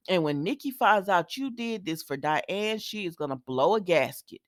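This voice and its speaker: A woman's voice: on the low side, very animated, moderate pace, hardly any pauses, no room sound, clean studio sound. A woman casually recapping a soap opera episode, chatty and opinionated. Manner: chatty and opinionated, quoting characters, sighs and laughs.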